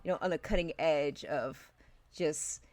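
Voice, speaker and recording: A woman guest on a podcast, chatting casually with quick wry asides and frequent laughter. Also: sits low, a little mellow, no room sound.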